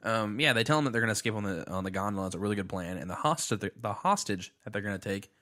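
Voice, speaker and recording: Fast-talking man with a low voice. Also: lively intonation, bright, forceful tone. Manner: joking, retells scenes with quoted voices. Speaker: podcast co-host. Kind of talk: casual chat recapping a cartoon episode.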